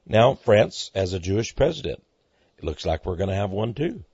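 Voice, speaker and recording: A man hosting a monologue commentary, speaking emphatically and climbing into excited outbursts, on a dull lo-fi recording. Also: medium pitch, gravelly, slightly rough, dry recording. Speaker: commentary host.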